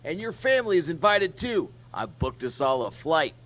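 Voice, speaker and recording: A man's voice: fairly high pitch, big pitch swings, moderate pace, fairly bright tone, low-quality recording. A man putting on a snobbish rich young boyfriend, haughty and sneering, in a comedy read-through.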